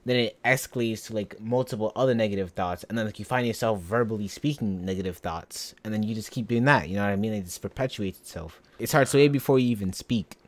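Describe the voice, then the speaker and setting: A man co-hosting a casual reaction chat, relaxed and reflective with lots of "like" and "bro". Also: lowish voice, quick pace, hardly any pauses. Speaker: co-host reacting.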